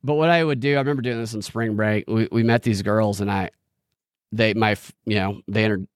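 A man's voice: lowish voice, fairly even intonation, brisk, clear, resonant tone, no echo, clean studio sound. A man from the United States hosting a podcast, chatting casually in a rambling, joking way with many restarts. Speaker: podcast host. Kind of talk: casual chat.

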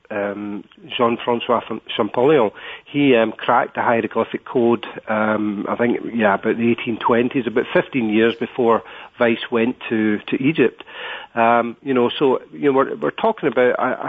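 Scottish man, hesitant, over a tinny phone. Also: mid-range voice. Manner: hesitant, many filler words. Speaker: guest.

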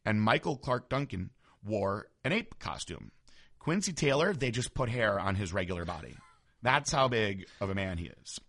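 A man's voice: on the low side, expressive, normal speed, a bit bright. A man in his thirties, a former bodybuilder, telling a candid story in a casual monologue. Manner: candid, frank, conversational.

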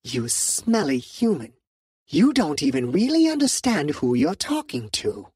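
A man voicing a small, furry alien mob boss, haughty and menacing, speaking slowly and coldly in an audiobook. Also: on the high side, huge pitch swings, a little mellow, husky, dry recording, studio quality, pitched above the performer's own voice, heavily acted. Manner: slow, cold, threatening. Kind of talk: audiobook character voice.

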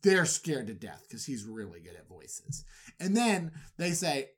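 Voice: mid-range voice, a little slow, breathy edge. A podcast host retelling an old story as comedy, with goofy asides. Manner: animated, goofy, full of asides. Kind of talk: comic retelling of a Bible story.

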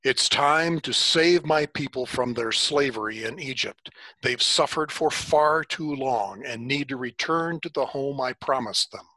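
A man voicing God as a commanding divine voice, slow and solemn in a dramatic telling. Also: medium pitch, bright, forceful tone, dry recording. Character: commanding divine voice from a burning bush. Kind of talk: dramatic storytelling.

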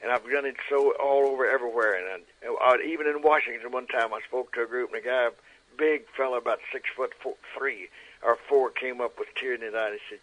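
A man in his nineties telling stories as an interview guest, animated and acting out quotes. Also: mid-range voice, brisk, poor audio. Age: 90s. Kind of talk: storytelling interview.

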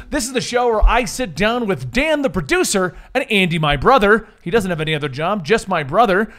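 A man hosting a casual comics podcast, talking in a lively, joking, enthusiastic way. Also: high-pitched. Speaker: podcast host.

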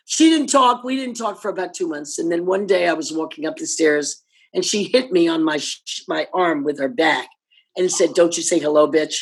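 An older actress telling anecdotes in an interview, animated and laughing often as she acts out what others said. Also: lowish voice, normal speed, breathy edge.

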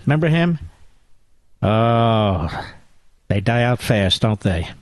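A man's voice: medium pitch, animated, moderate pace, a little mellow, no echo. A man hosting a political talk radio show, delivering a combative, sarcastic monologue.

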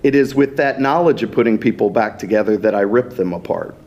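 A man's voice: on the low side, fairly quick, darkish tone, lo-fi sound, close to an everyday voice. A man reading aloud and voicing a smug, methodical male battle mage who speaks in a threatening way.

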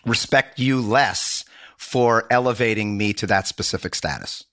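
A man co-hosting a podcast in casual chat, laying out his reasoning calmly. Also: fairly low pitch, a little slow. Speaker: podcast co-host.

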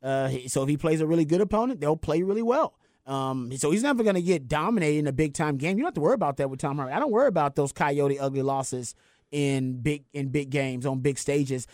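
Animated male sports co-host, slightly high voice, dry booth sound, laughs easily. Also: no echo. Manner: animated, quick, laughs often, rising pitch when excited. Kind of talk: casual sports chat.

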